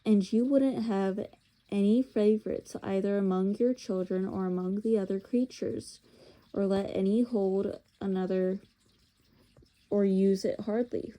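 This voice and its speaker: A woman voicing a wise, noble lion who speaks gravely and formally. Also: medium pitch, steady tone, measured pace, warm tone, natural voice. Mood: solemn. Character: wise noble lion king, solemn and kind.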